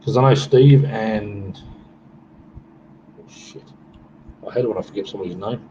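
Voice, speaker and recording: A man's voice: lowish voice, moderate pace, mellow. Older australian guy joking around on a livestream, dull lo-fi sound, faint hiss. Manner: joking, blokey banter. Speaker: guest on a livestream. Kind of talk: casual chat.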